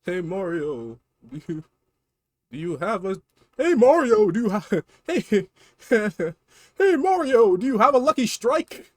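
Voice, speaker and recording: A man on a game stream voicing a needy, tearful adult male plumber brother in a weird, shaky, high voice that breaks into sobs. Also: sing-song, slow pace, dry recording, studio quality, full character voice. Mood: wailing. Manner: wailing, pleading, cracking into sobs. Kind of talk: comedic character voice on a game stream.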